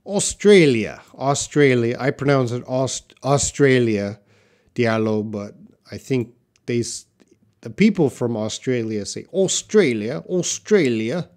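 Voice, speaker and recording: Slow, careful male English teacher. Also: medium pitch, darkish tone. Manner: slow, careful, repeats words for pronunciation drills; answers viewer chat questions by name. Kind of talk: live online English lesson.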